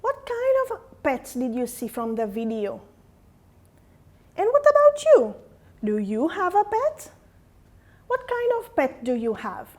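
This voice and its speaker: A woman teaching an English vocabulary lesson to young students, explaining slowly and asking them questions. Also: high-pitched, wildly swooping pitch, a little mellow. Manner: slow, explaining, asks questions to the class. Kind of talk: classroom lesson addressed to students.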